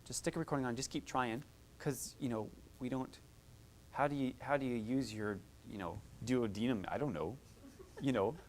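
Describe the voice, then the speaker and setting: A woman's voice: rumbling low, normal speed, a little mellow, slight background noise. A woman music therapist teaching a group, chatty and encouraging, demonstrating vocal sounds and laughing often. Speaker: music therapist leading a workshop.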